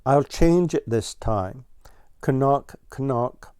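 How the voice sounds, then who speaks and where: A man voicing a boastful, silly male blue jay in a storybook reading, crowing his lines loudly. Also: mid-range voice, drawn-out words, clear, resonant tone, no room sound, clean studio sound, voice pushed up. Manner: crowing, triumphant, loud.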